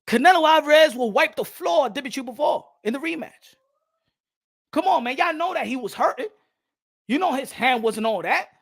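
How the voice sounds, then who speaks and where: A man's voice: very high voice, expressive, normal speed, a bit bright. A man doing casual, rambling and sarcastic boxing commentary in slangy talk.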